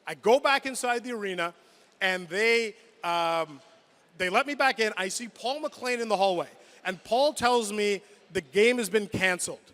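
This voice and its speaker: A man with a high, bright voice tells a personal story in an acceptance speech. He builds the drama, restarts quickly and repeats words. His voice rings out through the long reverb of a big indoor hall, picked up by a podium mic. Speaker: sports broadcaster giving a hall of fame acceptance speech. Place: large indoor event hall.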